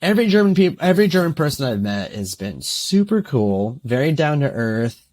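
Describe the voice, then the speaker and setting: A man's voice: mid-range voice, very animated, normal speed, darkish tone, no echo. A man hosting a casual podcast, easygoing and agreeable. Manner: easygoing, lots of short agreeing replies and laughs. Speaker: podcast host.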